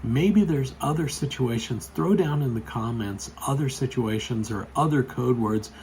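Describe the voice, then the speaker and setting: A man telling a personal story to the camera in a casual, rambling way, full of fillers, getting loud and excited as it goes. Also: mid-range voice, normal speed, slight background noise, low-quality recording. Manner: chatty, rambling, with frequent fillers. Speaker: vlogger.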